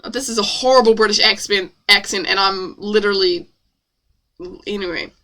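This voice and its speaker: A woman's voice: medium pitch, normal speed, sharp tone. A woman streamer reading her own old novel aloud with sarcastic, self-mocking commentary.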